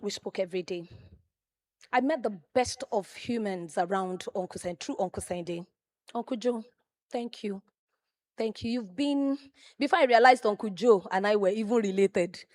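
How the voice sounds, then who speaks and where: A woman's voice: medium pitch, a little slow, long pauses, darkish tone, dry recording. A woman with a Nigerian accent giving a personal tribute speech, telling stories with exclamations and asides to the audience. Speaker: tribute speaker at a memorial event.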